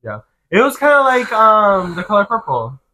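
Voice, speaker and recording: A man co-hosting a casual podcast chat, animated and laughing as he retells scenes, saying "like" a lot. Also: high voice, normal speed. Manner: animated, laughing storyteller who says "like" a lot. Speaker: podcast co-host.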